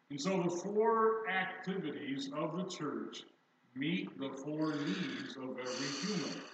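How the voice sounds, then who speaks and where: An older male pastor preaches a sermon in a church sanctuary, telling stories conversationally and poking fun at himself. His voice sits on the high side and sounds a bit bright, with a little hiss or hum. The recording is distant, echoey and dull.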